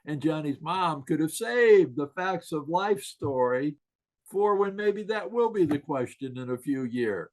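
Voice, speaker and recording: A man's voice: on the high side, expressive, a little slow, rough recording. A man telling stories with a chuckle. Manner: warm anecdotal delivery, laughs at his own stories. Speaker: guest author on questions. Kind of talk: casual interview storytelling.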